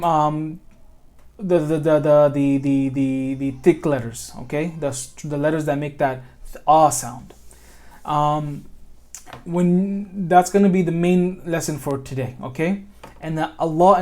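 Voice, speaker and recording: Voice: medium pitch, a little mellow. Patient American tajweed tutor. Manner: patient, checks understanding with frequent "okay?"; models Arabic sounds slowly, corrects self mid-sentence. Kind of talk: one-on-one online lesson.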